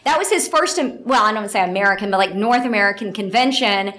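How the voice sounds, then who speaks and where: A woman's voice: medium pitch, animated, fast, fairly bright tone. A woman voice actress telling a rambling story in a casual interview, full of fillers and asides. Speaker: voice actress guest.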